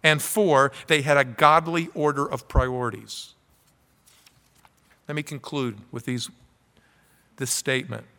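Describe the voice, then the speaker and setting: A man's voice: medium pitch, fairly even intonation, unhurried, long pauses, pushed and bright, long reverb tail. A man preaching a sermon from the pulpit, earnestly reading aloud from a quoted article. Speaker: pastor. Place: church sanctuary.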